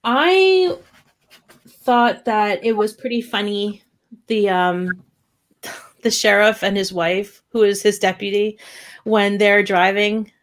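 A woman co-hosting a podcast in casual chat, animated and giggly, with lots of fillers. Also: mid-range voice, slow, long pauses. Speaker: podcast co-host.

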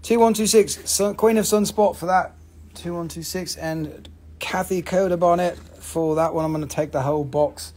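A man's voice: high-pitched, steady tone, normal speed, a little mellow. A man hosting a live gemstone sales stream, rambling, joking and swearing as he calls out buyers and prices. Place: family-owned rock shop.

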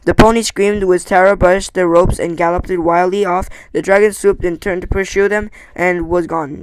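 A man reading a novel aloud in a halting way, stumbling and restarting often. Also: high-pitched, fairly even intonation, smooth, dry recording, rough recording. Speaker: amateur audiobook reader.

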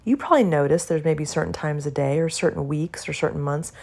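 Middle-aged lady psychologist talking thru withdrawal stuff, low voice, keeps saying okay? right?. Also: steady tone, brisk, vocal fry, darkish tone, breathy edge. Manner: earnest, reassuring, often checks in with "okay?" and "right?". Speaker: psychologist educating about benzodiazepine withdrawal. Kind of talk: educational audio talk.

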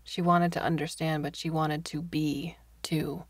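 A woman reading a story aloud in a soft, near-whispered style. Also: deep voice, level tone, unhurried, hardly any pauses, no echo. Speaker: story reader. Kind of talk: scripted narration.

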